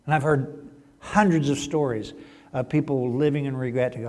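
A man's voice: medium pitch, steady tone, normal speed, darkish tone. A middle-aged man, a pastor, delivering a sermon with emphatic swells and drops in volume. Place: church sanctuary. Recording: long hall reverb.

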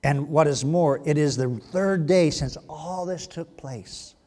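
A male pastor preaching a sermon, reading scripture aloud and acting out its people in animated bursts. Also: on the high side, unhurried, in a large hall.

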